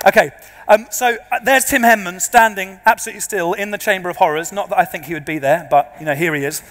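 A man, a pastor preaching to a congregation, an animated and self-deprecating storyteller. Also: high voice. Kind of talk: sermon with humorous storytelling. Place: large church before a congregation. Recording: long reverb of a large church.

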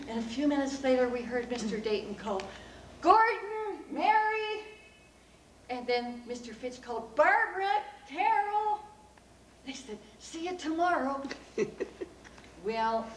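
A woman giving a speech at a speaking club, telling a childhood story in an animated way and acting out the quoted voices. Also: medium pitch, moderate pace. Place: meeting room of a speaking club. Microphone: distant recorder. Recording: roomy, distant room recording with background hum.

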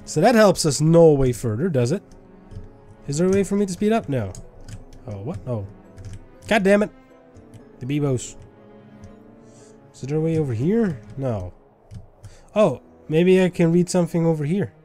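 A young man hosting a let's play, chatty and animated as he talks through a game. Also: fairly high pitch, normal speed, long pauses, faint music behind. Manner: animated and chatty, reading game dialogue aloud. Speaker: gaming video host.

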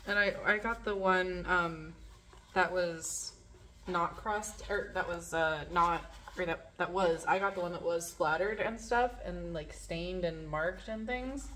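A woman's voice: on the low side, a little slow, fairly bright tone, a little hiss or hum. A woman chatting casually while unboxing, gushing with breathless exclamations and laughter. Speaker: vlogger. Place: living in a garage.

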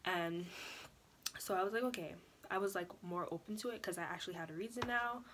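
A young woman vlogger telling a personal story in a chatty, animated way, full of "like" and "you know". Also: on the low side, fast talker, a little hiss or hum. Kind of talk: casual storytelling vlog.

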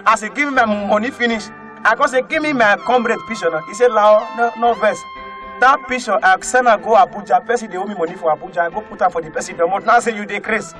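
A male comedian with a Nigerian Pidgin English accent, telling animated comic stories and often breaking into shouted put-on voices. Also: high voice, fast. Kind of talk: stand-up comedy storytelling. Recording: faint music behind.

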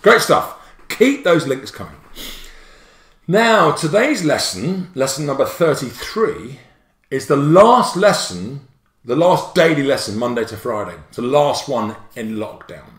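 Lively, jokey man teaching spelling. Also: fairly high pitch, normal speed, reverberant. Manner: bouncy, jokey, playful asides. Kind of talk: livestreamed spelling lesson.

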